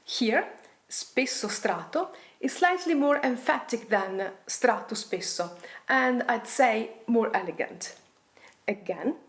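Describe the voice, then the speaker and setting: A woman teaching a language lesson, reading example phrases aloud and then translating and explaining them. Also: a little high. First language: Italian.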